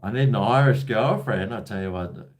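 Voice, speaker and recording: Australian male host, lowish voice, blunt and sweary, rambling call-in chatter. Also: normal speed. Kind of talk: casual call-in chat.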